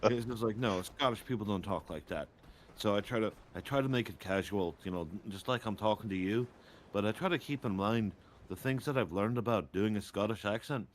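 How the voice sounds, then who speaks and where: A man with a low voice chats loosely as a stream guest. He rambles, trails off and laughs often. A faint noise floor runs under the talk. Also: fairly quick. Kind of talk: casual stream chat.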